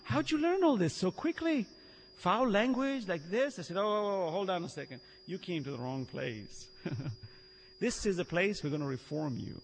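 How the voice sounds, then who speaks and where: A man preaching a sermon, telling stories in an animated way, acting out the lines of the people he quotes and often laughing. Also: sits high, normal speed, a little hiss or hum. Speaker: Islamic preacher. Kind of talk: sermon with storytelling. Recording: long reverb of a hall.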